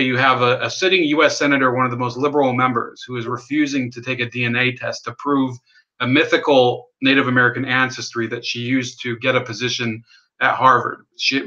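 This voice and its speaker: A man talks in a loose, rambling way on a live stream, dry and sardonic, dropping swear words and answering his chat. His voice has a forceful, bright edge. The sound is dull and lo-fi, like a cheap computer mic. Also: medium pitch. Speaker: livestream host. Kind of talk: casual political livestream commentary.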